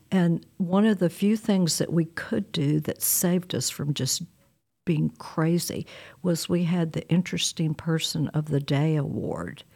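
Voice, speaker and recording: A woman's voice: sits low, a little slow, vocal fry. A woman, telling a personal story in a candid, wry way. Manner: candid, wry, animated retelling with quoted dialogue.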